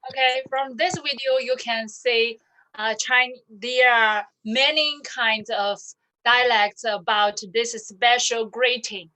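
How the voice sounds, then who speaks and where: A woman from Zhejiang, a native Chinese speaker, teaching in English slowly and haltingly, with many pauses and restarts. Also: on the high side, bright, forceful tone, poor audio. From China, Zhejiang province. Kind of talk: classroom explanation in English.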